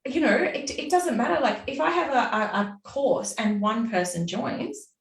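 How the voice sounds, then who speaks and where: Brief: woman guest, lively and animated, fairly high voice, roomy far-off sound. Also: normal speed. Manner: animated, acts out her own inner voice. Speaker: guest, business mentor. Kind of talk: casual interview chat. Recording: roomy sound from a distance off the mic.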